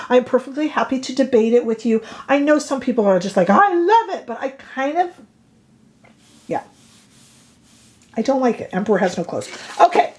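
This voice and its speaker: A woman's voice: mid-range voice, darkish tone. A woman casually reviewing makeup products in a vlog, chatty and opinionated with playfully dramatic asides. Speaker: beauty reviewer.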